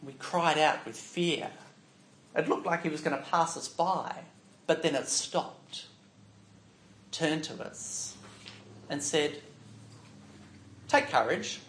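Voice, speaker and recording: A man with a fairly high voice tells a story in the first person, slow and dramatic, dropping to a hush and then rising loud. He sounds like he is speaking in an echoey room. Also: slight background noise. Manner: expressive storytelling, shifting from hushed to loud. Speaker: preacher telling a Bible story.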